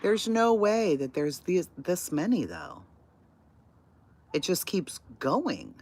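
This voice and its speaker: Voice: medium pitch, wildly swooping pitch, takes it slowly, a little mellow. A channel host reacting in casual commentary, incredulous and swearing, firing off exclaimed questions.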